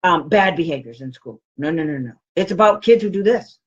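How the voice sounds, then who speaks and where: A woman giving a blunt, animated training talk to parents as a special education advocate. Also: lowish voice, brisk, husky. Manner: animated, blunt and combative, with quoted comebacks. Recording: dull lo-fi recording.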